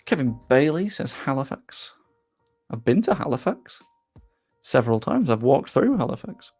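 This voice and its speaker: A young man with a faint Yorkshire accent chats loosely on a live stream, reading viewer comments aloud and poking fun at himself. His voice has a gravelly edge, sits at a middle pitch, and has faint music running underneath. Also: very animated, normal speed, darkish tone. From England. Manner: chatty, self-deprecating, reads comments aloud. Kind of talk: casual live-stream chat.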